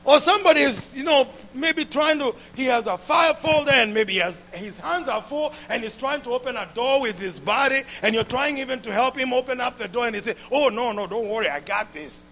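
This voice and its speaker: A man preaching a sermon with passion, repeating phrases and building up to shouts. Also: very high-pitched, brisk, few pauses.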